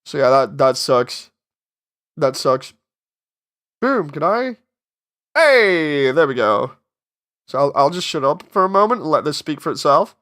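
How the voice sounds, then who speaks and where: A man's voice: on the high side, big pitch swings, moderate pace, fairly bright tone. A man chatting casually on a live stream while working on his animation, rambling, interrupting himself and getting exasperated.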